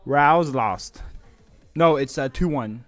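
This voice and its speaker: Man, esports live-stream commentary, casual, crude jokes, mid-pitched voice, faint music behind. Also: takes it slowly, no echo. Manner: joking, profane, swings into excited shouting.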